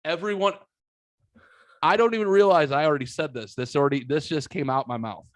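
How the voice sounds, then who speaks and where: With a fairly high pitch and a fairly quick pace, a podcast host in his thirties spins a lengthy, casual story with no echo on the audio. He swears a lot and brings the story to life by acting out what others said.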